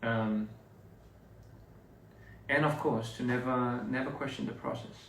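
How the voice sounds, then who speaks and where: A man on a casual livestream, speaking slowly and encouragingly to fans, with pauses and fillers. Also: mid-range voice, steady tone, vocal fry, fairly bright tone, reverberant, recorded from a distance, a little hiss or hum, low-quality recording. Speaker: livestream host answering fans.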